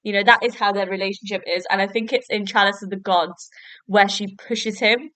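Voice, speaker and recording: A woman's voice: medium pitch, steady tone, brisk, a bit bright, dry recording. A woman hosting a podcast, talking through a review in a rambling, casual way full of fillers. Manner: chatty, rambling, lots of fillers like "so basically" and "like". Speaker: podcast host. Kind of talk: casual solo review chat.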